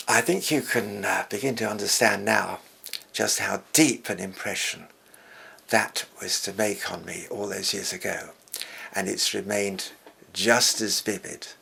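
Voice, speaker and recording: A man's voice: on the low side, vocal fry, fairly bright tone, slightly rough. An older man presenting, retelling a scripture story in an earnest storytelling manner, sometimes dropping to a whisper.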